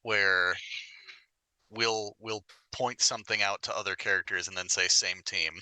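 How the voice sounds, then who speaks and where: A man with a lowish, very sharp voice makes dry, wry remarks at a tabletop game. His mic sounds dry and close. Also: steady tone, unhurried, smooth, no room sound, rough recording. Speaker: player. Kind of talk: casual out-of-character table talk.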